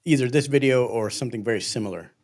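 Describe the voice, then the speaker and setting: A police training instructor earnestly explains emotional regulation during a livestream discussion. His medium-pitched voice moves at a quick pace with a darkish tone.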